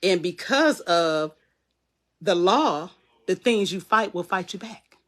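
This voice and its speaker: Taking it slowly, a wellness coach speaks live and conversationally to motivate listeners, with a mid-range, fairly bright voice and lively intonation. Important phrases are repeated for emphasis, and inner voices and quoted lines are performed aloud.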